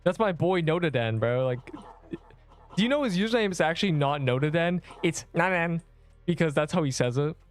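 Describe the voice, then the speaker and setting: A young male game streamer with a slightly higher voice, riffing and teasing his chat in loose, sarcastic banter. Faint music plays under his talk. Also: expressive, a little fast. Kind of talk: casual live-stream chat.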